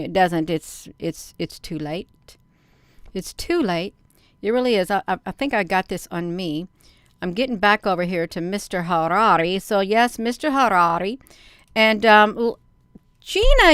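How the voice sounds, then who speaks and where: Woman host, urgent, repetitive, smooth clear voice, dry close sound. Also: medium pitch, fairly bright tone, no room sound. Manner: urgent, repetitive, addresses viewers as "you all". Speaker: video host. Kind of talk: casual talk to camera, reading on-screen articles.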